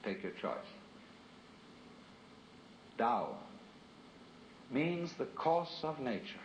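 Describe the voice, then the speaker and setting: A man giving a philosophical lecture in a measured, reflective and rhetorical way. The recording is an archival lecture tape. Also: mid-range voice, very animated, roomy sound, slight background noise, poor audio.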